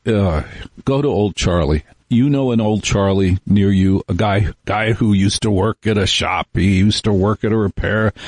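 Middle-aged man, radio talk host, low and husky, dry studio sound, wry rambling monologue. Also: a little mellow, no room sound. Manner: rambling, wry, storytelling with acted-out quotes. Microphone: studio microphone.

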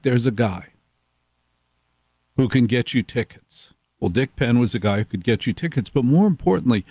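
Man, middle-aged, radio host, sarcastic, animated storytelling, mid pitch, dry sound. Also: no room sound.

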